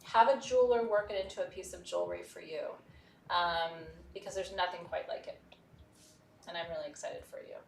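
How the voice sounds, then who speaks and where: A woman's voice: fairly low pitch, steady tone, a little fast, vocal fry, a little hiss or hum. Chatty, effusive woman host in a roomy space. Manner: talkative, effusive, enthusiastic. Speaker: host of a live gemstone sales show. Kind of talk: chatty live sales presentation. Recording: roomy studio sound from a distance.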